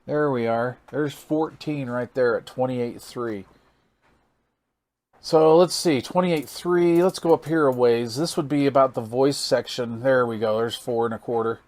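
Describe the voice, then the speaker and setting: A man's voice: medium pitch, unhurried, a little mellow. A man hosting a casual hands-on radio gear demo, folksy and amazed, thinking aloud while he reads meters and counts into the mic. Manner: counts into the mic during test calls. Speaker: radio hobbyist channel host.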